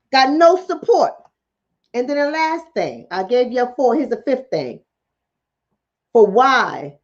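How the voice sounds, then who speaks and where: A woman with a high voice speaks as a psychologist hosting a live stream, answering her chat in a blunt, preachy way. She drives each point home by repeating it. The audio is muffled and lo-fi.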